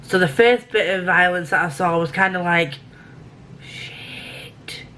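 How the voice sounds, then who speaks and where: A woman's voice: fairly low pitch, steady tone, a little fast, sharp tone, poor audio. A young woman vlogging, chatting casually and rambling with restarts and asides. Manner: chatty, rambling, self-interrupting. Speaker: book vlogger. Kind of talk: casual chat to camera.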